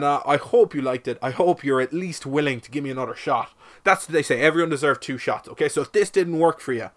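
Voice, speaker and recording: Man, solo podcast host, rambling, profane, self-deprecating, recorded in a shed. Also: mid-range voice. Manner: rambling, sweary, self-mocking comic patter. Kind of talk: casual solo podcast monologue. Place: his shed.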